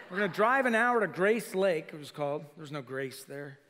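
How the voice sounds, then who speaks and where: A male senior pastor preaching a lively sermon to a congregation, acting out quoted voices and putting questions to the crowd. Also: a little high, a little fast, hardly any pauses, background noise. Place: church sanctuary. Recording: live sermon in a reverberant church hall.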